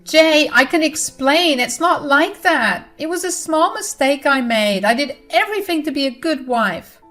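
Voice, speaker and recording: Lady putting on a whiny high-pitched mom-in-law, crying and begging, storybook style. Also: animated, a little slow, a bit bright, soft background music. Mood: tearful pleading. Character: whiny scheming middle-aged mother-in-law, pleading.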